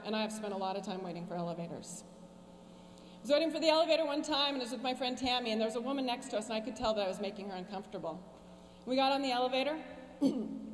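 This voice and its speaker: A woman in her forties giving a commencement speech from a podium, with wry, sarcastic humor and deadpan asides. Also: fairly high pitch. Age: 40s. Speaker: commencement speaker. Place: large graduation ceremony venue. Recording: long hall reverb with faint hum.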